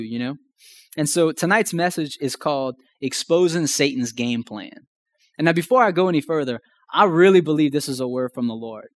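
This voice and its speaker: A man, preaching a sermon in a casual, animated storytelling way with slang. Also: medium pitch.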